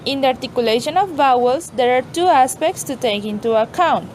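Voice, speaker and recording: A woman reading a scripted pronunciation lesson in a measured, explanatory way. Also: sits high, expressive, a little mellow, a little hiss or hum, rough recording. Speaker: pronunciation teacher. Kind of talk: scripted instructional narration.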